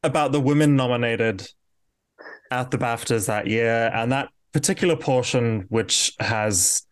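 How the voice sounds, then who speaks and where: Podcast co-host: man, campy and animated, acts out quotes. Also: medium pitch, unhurried, smooth. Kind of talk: casual chat.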